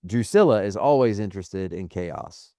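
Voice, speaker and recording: A man co-hosting a podcast in casual chat, retelling scenes in a chatty way with quick asides. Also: lowish voice, expressive, warm tone, no room sound. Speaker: podcast co-host.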